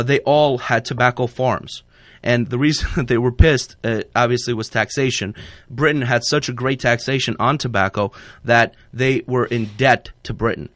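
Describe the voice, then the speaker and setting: A man's voice: medium pitch, a bit bright, dry recording. Chatty rambling man on studio mic. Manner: rambling, chatty, lots of fillers and restarts. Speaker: radio show host. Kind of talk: casual radio chat. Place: radio studio. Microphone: studio microphone.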